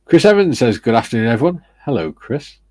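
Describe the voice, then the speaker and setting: A man's voice: mid-range voice, very animated, a little fast, dark tone, no echo. A man hosting a casual model-building livestream, reading out viewer comments and joking along. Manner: reads out chat messages, joking.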